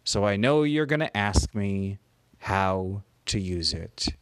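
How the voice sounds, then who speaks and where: A man voicing a wise, knowing male unicorn in a made-up children's story, speaking with calm assurance. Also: on the low side, takes it slowly, no echo, voice pushed down.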